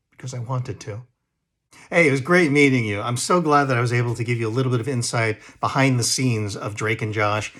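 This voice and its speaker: A man's voice: medium pitch, a bit bright. A male actor talking casually to camera and looking back on old roles, rambling and poking fun at himself. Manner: self-deprecating and rambling. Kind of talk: casual talk to camera, reminiscing.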